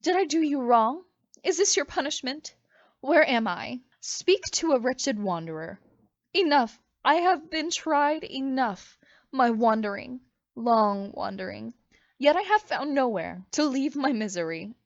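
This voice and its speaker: A woman's voice: high-pitched, lively intonation, measured pace, no room sound, dull audio. A woman reading aloud, voicing a distraught young maiden turned into a heifer, pleading and anguished.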